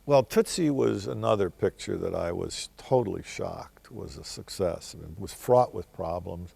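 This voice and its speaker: A man's voice: low voice, normal speed, gravelly, mellow, slightly rough, no room sound. An older man, a film director, telling wry, reflective stories in answer to interview questions.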